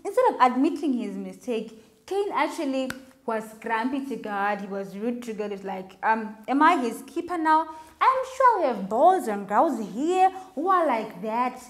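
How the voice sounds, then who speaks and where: Animated woman preaching to children. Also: a little high, normal speed. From Zimbabwe. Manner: animated, sing-song, addressing children directly. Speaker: children's Sabbath speaker. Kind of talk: children's sermon.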